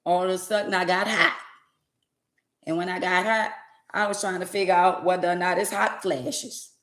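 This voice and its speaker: Lively woman telling a story. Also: on the low side, moderate pace, echoey room. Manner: lively, preachy asides, dialect speech. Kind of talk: casual storytelling to viewers.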